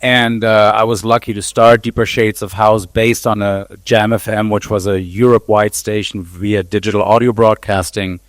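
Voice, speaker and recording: Guest role: German-born man, talkative and relaxed, low pitch, dry close sound. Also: normal speed, hardly any pauses, dry recording. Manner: chatty, frequent restarts and fillers. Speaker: guest, DJ and radio host. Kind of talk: conversational interview.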